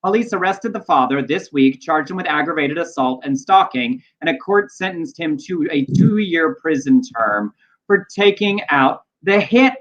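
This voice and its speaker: A man's voice: on the high side, expressive, normal speed, a bit bright. Wry, playful male co-host reading news items, muffled lo-fi stream audio. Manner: playful, wry, reads stories aloud. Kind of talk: casual news chat.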